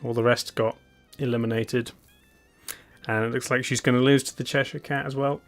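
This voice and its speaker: A man's voice: medium pitch, flat delivery, normal speed, soft background music. A man hosting a live stream in a casual, laid-back way. He chuckles often and hums idly between remarks. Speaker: streamer host.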